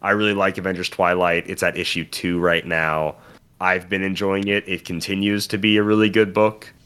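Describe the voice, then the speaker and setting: A young man with a deep yet bright, forceful voice chats casually as a podcast co-host. He tells stories with enthusiasm and an easygoing, conversational tone. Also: flat delivery, normal speed, smooth. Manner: enthusiastic storytelling. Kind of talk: casual chat.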